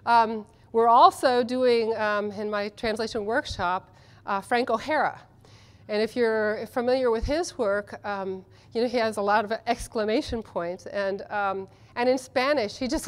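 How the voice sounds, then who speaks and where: A woman who translates literature, speaking at a conference panel in a chatty, enthusiastic way with many ums and restarts. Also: fairly high pitch. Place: conference session room.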